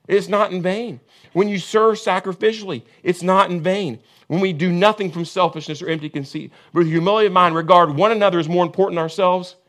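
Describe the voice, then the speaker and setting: A man preaching a sermon as pastor, with an impassioned, repetitive cadence that swings from booming emphasis to hushed intensity.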